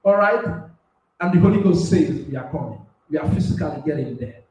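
A man preaching a sermon on a radio platform, swinging between loud shouting and soft asides and laughing often. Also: a little high, fast talker, heavy reverb, distant mic, rough recording.

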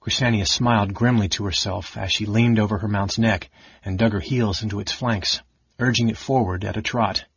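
A man reading an audiobook in a measured, dramatic narration. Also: fairly low pitch, steady tone, gravelly, husky, dry recording, muffled recording.

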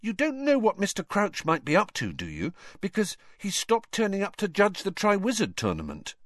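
A man's voice: sits high, huge pitch swings, normal speed, fairly bright tone, no room sound, studio quality, voice pushed up, heavily acted. A man doing an earnest teenage schoolboy. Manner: earnest, sometimes muttering.

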